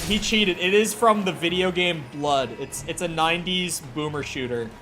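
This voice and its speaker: A man's voice: fairly high pitch, normal speed, pushed and bright, a little hiss or hum. A man chatting casually with viewers during a live gaming stream, rambling and swearing freely. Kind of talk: casual live-stream chat while playing.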